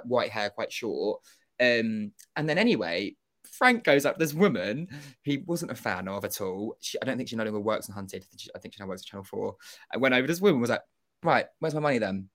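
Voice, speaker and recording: A young man telling a story as an interview guest, animated and acting out quoted dialogue, with casual swearing. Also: mid-range voice. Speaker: interview guest, former contestant.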